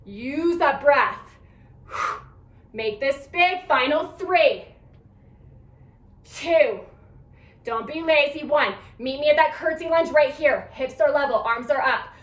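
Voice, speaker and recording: Woman fitness instructor, high voice, upbeat coaching, a little out of breath, echoey room, mic at a distance. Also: slow pace, pauses often. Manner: upbeat coaching, counting down reps. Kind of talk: workout class cueing.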